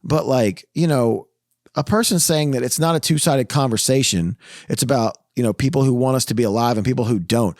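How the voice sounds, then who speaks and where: In a podcast studio, a male co-host rants heatedly and swears a lot during casual chat. His medium-pitched voice has a darkish tone and a fairly quick pace, captured as clean studio sound with no room sound.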